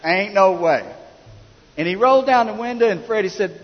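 A middle-aged pastor preaching in a folksy, chatty way, telling stories in a fairly high voice. He is heard in a church hall with a long echo, and the sound is a little muffled. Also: normal speed. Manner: folksy storytelling, conversational. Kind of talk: sermon.

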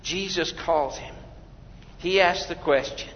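A male pastor with a high voice delivers a sermon at an unhurried pace, swinging from loud cries to near-whispers. The sound is dull and lo-fi, with a long hall reverb and a faint low rumble behind him. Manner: dramatic shifts between loud exclamation and hushed quotes.

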